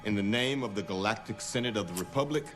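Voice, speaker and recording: Actor as a stern jedi master, firm commanding lowish voice, faint movie music under it. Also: male voice, fast, a bit bright, lightly acted. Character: stern male Jedi master making an arrest. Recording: film clip with faint score.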